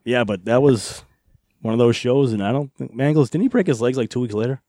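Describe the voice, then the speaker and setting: Casting: quick, chatty ex-wrestler guest, dry close mic. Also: male voice, mid-range voice, no room sound. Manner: animated anecdotes with laughs. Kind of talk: podcast storytelling.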